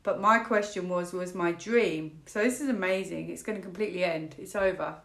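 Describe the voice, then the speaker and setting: A woman's voice: fairly low pitch, fairly quick, a bit bright. A woman from the United Kingdom giving a casual tarot reading to camera, thinking aloud in a rambling, half-laughing way. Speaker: tarot reader. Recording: echoey room.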